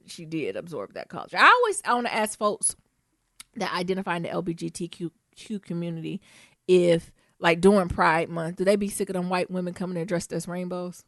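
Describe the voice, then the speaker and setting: A young adult woman co-hosting a podcast in casual chat, animated and slangy, often laughing. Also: fairly low pitch, fairly quick, dry recording, studio quality. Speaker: podcast co-host.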